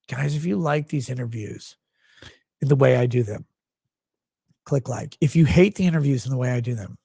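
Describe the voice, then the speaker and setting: A man's voice: medium pitch, gravelly, mellow, husky, dry recording, studio quality. A man hosting a livestream, signing off in a blunt, profane, rambling way. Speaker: host. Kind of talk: casual livestream sign-off.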